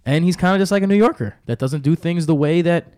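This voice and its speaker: A man's voice: on the high side, fast talker, mellow. A man with a New York accent giving blunt, opinionated takes in a casual sports chat. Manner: blunt, opinionated, speaks his mind.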